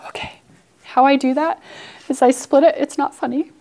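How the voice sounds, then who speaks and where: Dramatic, coaxing woman teaching a class. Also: high voice. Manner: playfully dramatic, coaxing, with sighs and hushed asides. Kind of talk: classroom phonics lesson.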